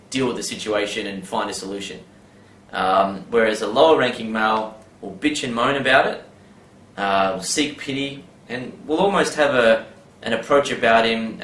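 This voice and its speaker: A man gives a casual advice monologue, rambling with lots of fillers and tag questions. His voice is on the low side with a fairly bright tone, recorded in a roomy space with faint background ambience and slight noise.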